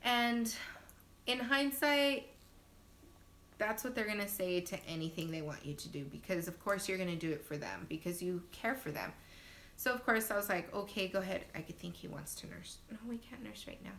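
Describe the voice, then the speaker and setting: Bright-voiced chatty young mother. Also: normal speed, a little hiss or hum. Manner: chatty and animated, acts out quotes with sudden loud high bursts; laughs often, many fillers. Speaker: new mother telling her birth story. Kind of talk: casual live-stream storytelling. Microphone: phone. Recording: phone live-stream audio.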